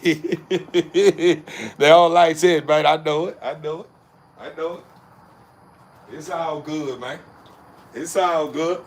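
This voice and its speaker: A man's voice: on the high side, steady tone, slow, pauses often, a little hiss or hum. A man talking casually while bathing his dog in a yard, laughing often and repeating himself in a preachy street-talk way. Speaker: dog breeder. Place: outdoors in a yard.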